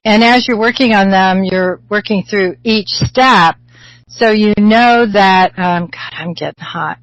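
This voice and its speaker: A woman's voice: mid-range voice, measured pace, no room sound, highs cut off. A middle-aged woman teaching about spirituality in a rambling, chatty way, with many fillers and restarts. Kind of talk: casual spiritual teaching talk.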